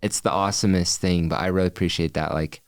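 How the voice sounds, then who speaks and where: Deep-voiced young host, dry sound. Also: male voice, steady tone, quick pace, no echo. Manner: warm, encouraging interjections. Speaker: podcast host. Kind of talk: casual interview.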